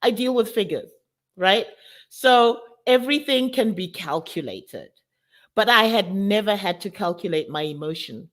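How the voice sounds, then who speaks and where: A woman's voice: mid-range voice, animated, measured pace. A woman with a college-age daughter, from South Africa, speaking candidly and with emotion as a summit speaker, often calling her audience "guys". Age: adult with college-age daughter. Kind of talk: personal testimony talk.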